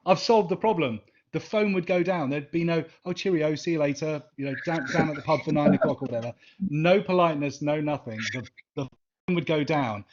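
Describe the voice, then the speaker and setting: A man's voice: a little high, a little mellow. Rambling Englishman on a muffled call. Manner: rambling, repeats words, restarts. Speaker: interview guest, former assistant. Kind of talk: casual interview answers.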